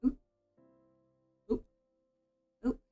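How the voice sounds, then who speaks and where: A woman's voice: drawn-out words, warm tone, lo-fi sound, soft background music. A woman streamer chatting casually while she draws, rambling with lots of "like" and false starts. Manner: rambling, full of "like" and restarts. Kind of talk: casual chat while drawing.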